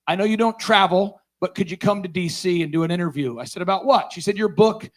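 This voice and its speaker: Man, fairly high voice, storytelling talk, acts out quoted dialogue, lively. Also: fast talker. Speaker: conference speaker.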